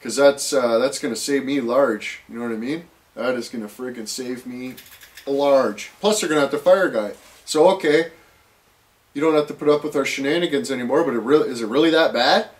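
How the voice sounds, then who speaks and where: A man's voice: mid-range voice, fairly quick. A man ranting casually to camera, rambling and profane, full of fillers and restarts. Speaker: vlogger.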